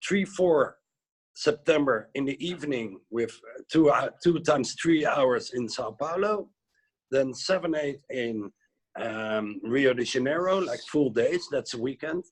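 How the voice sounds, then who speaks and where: A man's voice: mid-range voice, lively intonation, unhurried, slightly rough. A man from the Netherlands with a Dutch accent, a guest instructor in a casual video call interview, talking in a chatty, hesitant way. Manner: chatty, hesitant, with lots of "you know, like" fillers.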